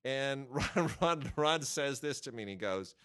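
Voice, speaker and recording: A middle-aged man, a film critic, co-hosting a podcast and telling lively anecdotes in casual chat. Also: mid-range voice, a little slow, clean tone. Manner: lively anecdotal storytelling with laughs and mimicry.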